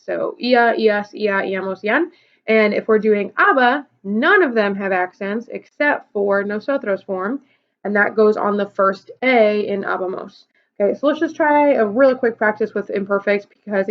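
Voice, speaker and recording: A woman's voice: medium pitch, muffled recording. Woman teacher explaining step by step. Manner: patient, step-by-step explaining with frequent "okay" and "um". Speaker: Spanish teacher. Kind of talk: recorded classroom lesson video.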